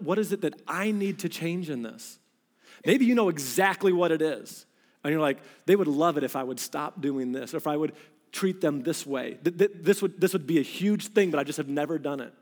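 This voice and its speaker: A man in his thirties preaching a sermon to a congregation, telling a story with animated energy and his voice leaping up when he gets excited. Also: a little high. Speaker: pastor. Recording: reverberant hall.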